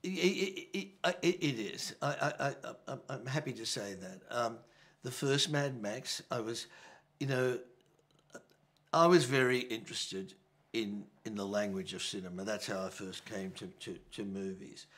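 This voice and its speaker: An older Australian film director answering interview questions in a reflective, halting way, restarting and repeating words often. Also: male voice, mid-range voice, a bit bright.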